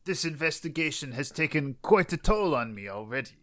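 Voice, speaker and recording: A man's voice: fairly high pitch, lively intonation, fairly quick, fairly bright tone. A man voicing a wounded, weary male investigator in a tabletop game, stoic and a little grand.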